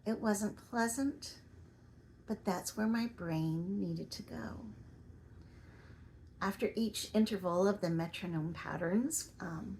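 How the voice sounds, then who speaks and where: Woman, vlogger, reflective personal narration, soft measured delivery, occasional whisper, average pitch. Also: a little hiss or hum.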